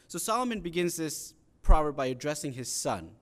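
A man's voice: on the high side, expressive, fairly quick, few pauses. A man preaching a sermon in an earnest, conversational teaching manner, pressing harder when he stresses a point. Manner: earnest, conversational teaching with rising emphasis on pleas.

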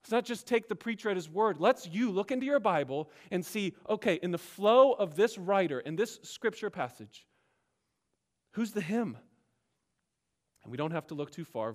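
Pastor, man, slightly high voice, emphatic teaching sermon. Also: expressive, moderate pace. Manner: emphatic, explanatory preaching with rising and dropping delivery. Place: church sanctuary.

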